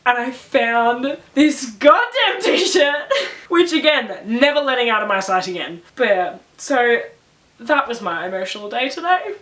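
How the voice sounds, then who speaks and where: A woman's voice: a little high, a bit bright, recorded from a distance. A young Australian woman telling a story to camera in a casual vlog, chatty and emotional, laughing often and swearing now and then. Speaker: vlogger. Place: her bedroom, indoors. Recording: echoey room, camera set back.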